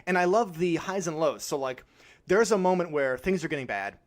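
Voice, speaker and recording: A man co-hosting a podcast, chatting casually about a film, animated and given to crude jokes. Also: on the high side, fairly quick. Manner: animated, acts out characters' lines, crude humor. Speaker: podcast co-host. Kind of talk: casual film-review chat.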